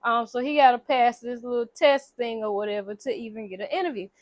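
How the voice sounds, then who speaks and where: Woman, high voice, relaxed storyteller at home, animated and acts out every line, dry close mic. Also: a little fast, no room sound. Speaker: vlogger recapping a movie. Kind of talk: casual storytelling chat. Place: home room near a window.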